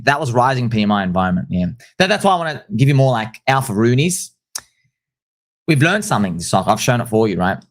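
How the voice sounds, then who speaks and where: An animated man presents at a crypto conference on his livestream. His pitch leaps and swoops as he talks, though his voice sits at an ordinary middle height. He piles up quick asides and keeps the energy high. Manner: animated and excitable, with rapid asides and sudden jumps in pitch.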